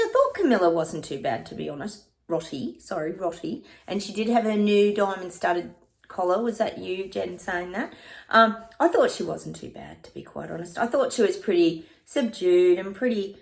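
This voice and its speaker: Brief: middle-aged Aussie woman, psychic livestream host, rambling chatty delivery, a bit of fry in the voice. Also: medium pitch. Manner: chatty and rambling, addresses viewers as guys. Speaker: psychic reader. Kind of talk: casual livestream chat with tarot readings.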